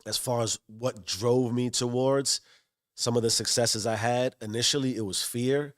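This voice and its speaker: A man's voice: mid-range voice, steady tone, measured pace, dry recording. Musing Bronx-raised man, dry close voice. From South Bronx, New York. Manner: musing, repeats phrases, addresses viewers warmly. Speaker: self-improvement vlogger. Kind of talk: early-morning reflective monologue.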